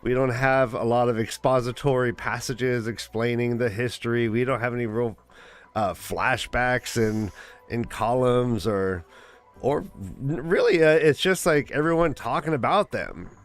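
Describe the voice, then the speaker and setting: A man's voice: medium pitch, unhurried. A man co-hosting a casual fan discussion over a video call, talking in an easygoing, rambling way. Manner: rambling, easygoing, laughs often. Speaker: podcast co-host.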